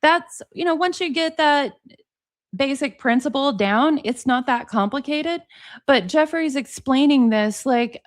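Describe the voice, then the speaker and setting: A woman in her forties talks through a live reaction stream, her voice sitting a little high. She is sarcastic and exasperated, breaks into laughs, and addresses her viewers directly. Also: expressive, measured pace. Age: 40s. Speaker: commentary streamer.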